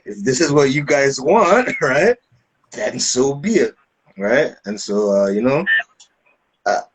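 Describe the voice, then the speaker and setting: A man's voice: on the low side, darkish tone, husky, low-quality recording. A man co-hosting a podcast, telling a story loosely with many fillers and restarts. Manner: acts out voices with laughter. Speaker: podcast co-host. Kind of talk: casual storytelling.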